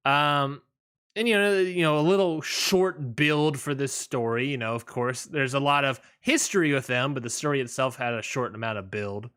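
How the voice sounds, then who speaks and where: Male podcast co-host, bright forward tone, loose rambling recap style. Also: mid-range voice, clear, resonant tone. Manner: rambling, lots of fillers and restarts, quick laughs. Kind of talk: casual wrestling podcast chat.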